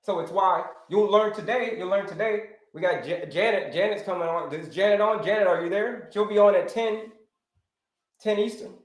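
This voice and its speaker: A man hosting a live stream as a health coach, talking in an animated way, repeating his phrases and calling his viewers folks. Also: high-pitched, moderate pace, reverberant.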